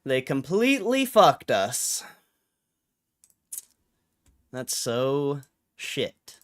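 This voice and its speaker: A man's voice: mid-range voice, very animated, drawn-out words. A young man hosting a livestream, ranting in an annoyed, swearing way with frustrated laughs. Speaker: livestream host. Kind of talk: casual livestream rant.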